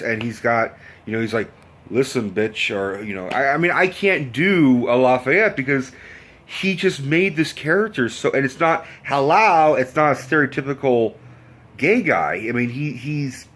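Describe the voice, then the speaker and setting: Man, casual vlog rant, profane, rambling, restarts often, middle pitch. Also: fairly bright tone. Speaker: vlogger.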